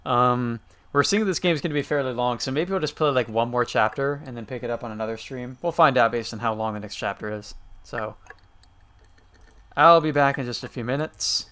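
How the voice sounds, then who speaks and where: A man's voice: mid-range voice, fairly quick, fairly bright tone, smooth. A man streaming a game, reading its messages aloud in an easygoing running commentary.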